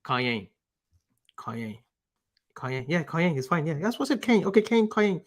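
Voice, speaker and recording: A man co-hosting a casual live-stream chat, animated and bantering. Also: sits high, quick pace. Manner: animated, banters and argues over pronunciation. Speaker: co-host.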